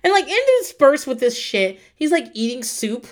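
A woman recapping in casual chat, animated, laughing often and swearing freely. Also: sits high, normal speed. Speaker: podcast host recapping reality TV.

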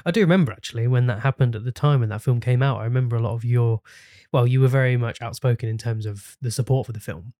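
A man's voice: medium pitch, quick pace, mellow, no room sound, clean studio sound. A man hosting a casual podcast interview, easygoing and agreeable, often hedging with fillers as he talks. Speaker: podcast host.

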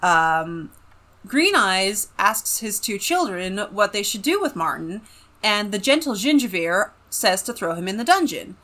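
A woman co-hosting a casual podcast, summarizing a book plot in an animated way and laughing often. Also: mid-range voice, measured pace. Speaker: podcast co-host.

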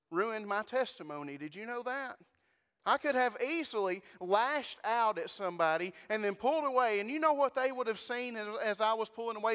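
A pastor preaching in a folksy, storytelling way, speaking right to his congregation. His voice is fairly high and clear. A long church reverb trails behind him. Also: a bit bright. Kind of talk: sermon.

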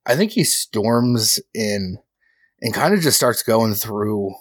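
A man's voice: fairly low pitch, takes it slowly, no echo. Casual man describing his character. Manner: casual, filler-heavy with "like" and "I think". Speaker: player.

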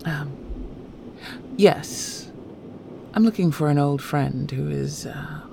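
A woman voicing an elegant young male fae who speaks haltingly and with sorrow. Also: low-pitched, gravelly, mellow, slight background noise, exaggerated voice. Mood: hesitant.

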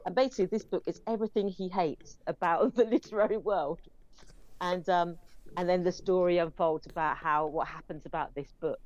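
Woman, low voice, chatty film review, many fillers, dull dry recording. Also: fairly quick, darkish tone. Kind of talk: casual chat.

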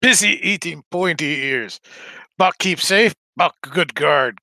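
Player doing a gruff broken-speech soldier. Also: mid-range voice, slow, bright, forceful tone, no room sound, heavily acted.

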